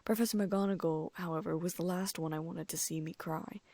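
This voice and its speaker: Woman narrating a story audiobook, low-ish voice with lots of fry. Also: fairly even intonation, a little fast, darkish tone, no echo. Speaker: audiobook reader. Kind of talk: first-person story narration.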